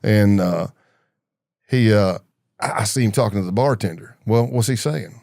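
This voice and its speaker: A middle-aged man tells a long story in a low, gravelly voice. He talks animatedly and slips into the voices of the people he quotes. The sound is dry and close. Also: normal speed, a little mellow, no echo. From American South. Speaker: podcast guest, former undercover agent. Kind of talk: storytelling interview.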